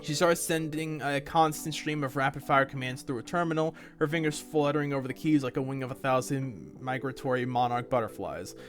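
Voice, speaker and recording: A man's voice: medium pitch, brisk, few pauses, faint music behind. A man reading a web comic aloud in a plain mid-range voice, now and then tripping over a long word and starting it again. Between passages he drops into casual, self-mocking asides. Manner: stumbles over long words and restarts. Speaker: web comic reader on his channel.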